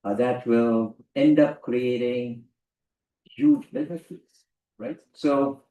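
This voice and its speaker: A man's voice: medium pitch, sing-song, slow, dark tone. A man giving an emphatic lecture to students, often repeating key phrases. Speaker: guest lecturer. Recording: roomy hall, distant mic.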